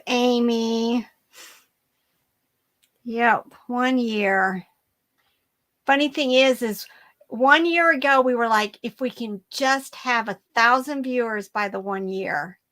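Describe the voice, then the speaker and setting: A woman's voice: a little high, a bit bright. A woman hosting a live stream about reselling, chatting casually in an upbeat way and often repeating her own phrases. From Germany. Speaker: reseller channel host.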